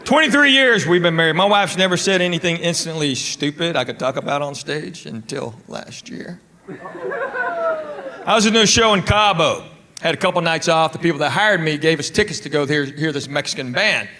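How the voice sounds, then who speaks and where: A middle-aged man doing stand-up, telling deadpan stories about his wife on a live stage. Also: fairly high pitch, normal speed. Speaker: stand-up comedian. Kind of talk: stand-up routine. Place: comedy stage before a live audience. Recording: echoey live hall, roaring audience, loud noise.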